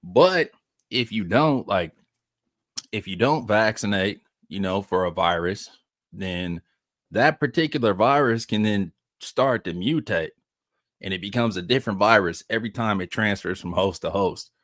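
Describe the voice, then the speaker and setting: A man in a loose podcast group debate who teases the others, swears and cuts in loudly. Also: on the low side, lively intonation, measured pace, no echo, studio quality. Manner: teasing, swears, jumps in loudly.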